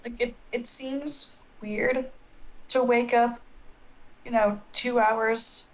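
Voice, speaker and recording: A woman player chatting softly before a tabletop game on a voice call. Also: a little high, fairly even intonation, slow, poor audio.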